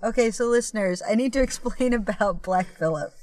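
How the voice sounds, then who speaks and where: A woman co-hosting a podcast, chatting casually and breaking into giggles as she tells stories. She swears freely and keeps the tone loose and animated. Her voice sits at a medium pitch and is recorded close and dry, with no room sound. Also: fairly quick, dry recording. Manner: giggly, profane, animated storyteller. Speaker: podcast co-host. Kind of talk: casual chat.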